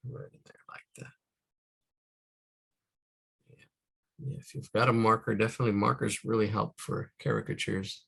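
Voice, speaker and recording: A man demonstrating caricature drawing as he sketches, describing each stroke and counting lines aloud. His voice sits low with a gravelly, husky edge. He often trails off into quiet muttering. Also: steady tone, moderate pace, pauses often. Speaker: art instructor.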